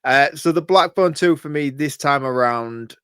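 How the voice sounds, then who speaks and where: A man's voice: fairly high pitch, moderate pace, a bit bright, clear, resonant tone, no echo, studio quality. A man co-hosting a podcast in casual chat, flustered and self-deprecating, often laughing at himself. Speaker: podcast co-host.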